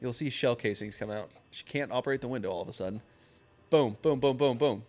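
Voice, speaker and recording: A man co-hosting a casual podcast, telling crude stories with lots of swearing and quick mimicked voices. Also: mid-range voice. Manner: animated storyteller, mimics voices mid-story. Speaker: podcast co-host.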